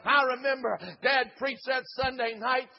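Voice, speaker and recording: A man preaching a Pentecostal sermon in a church, chanting and shouting his lines with rhythmic "uh" breaks. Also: very high voice, little pitch movement, normal speed, highs cut off. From Dayton, Ohio.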